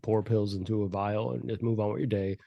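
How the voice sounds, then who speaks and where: A man telling a story on a podcast in a casual, animated and profane way, laughing as he goes. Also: fairly low pitch, brisk, gravelly, dry recording, highs cut off.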